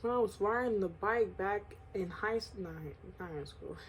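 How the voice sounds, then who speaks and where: A woman's voice: mid-range voice, normal speed, slight background noise. A woman from New York telling a candid, slangy storytime vlog, swearing often and laughing between lines. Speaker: vlogger.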